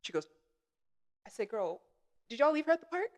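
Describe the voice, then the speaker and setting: A woman's voice: a little high, big pitch swings, a little fast. A woman co-hosting a podcast, chatting casually and acting out quoted lines as she tells a story. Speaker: podcast co-host.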